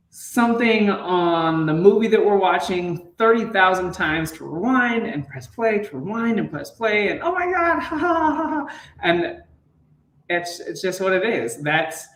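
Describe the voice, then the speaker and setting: A man's voice: on the high side, a bit bright. Male, 30s, fitness coach and father. Loose, rambling live chat with frequent laughs; roomy sound, mic at a distance. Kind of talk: casual live chat to viewers.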